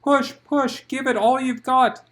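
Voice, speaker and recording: A man's voice: on the high side, normal speed, a bit bright, lightly acted. A man voicing an eager, bossy young woman who speaks in emphatic bursts. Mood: urging. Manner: emphatic, cheerleading.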